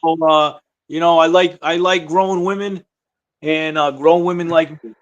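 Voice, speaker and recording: A man's voice: a little high, steady tone, unhurried, dull audio. A man with a Massachusetts accent, a rapper guest in a casual interview, joking and laid-back as he rambles. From Massachusetts, USA.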